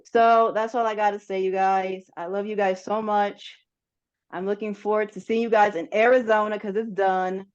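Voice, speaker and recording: A woman's voice: mid-range voice, flat delivery, normal speed, muffled recording. A young woman giving a heartfelt, faith-filled motivational speech on a video call. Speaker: guest speaker on a team call.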